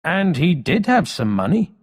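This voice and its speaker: A man's voice: on the high side, big pitch swings, a little slow, breathy edge, voice pushed up, full character voice. A man reading aloud, voicing a bold, outspoken boy leading his group. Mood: insistent. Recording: long hall reverb.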